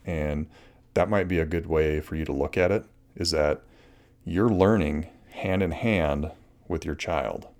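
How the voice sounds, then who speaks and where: A man's voice: a bass voice, unhurried, darkish tone. A middle-aged man hosting a solo advice podcast, talking earnestly and casually with many restarts and fillers. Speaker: podcast host.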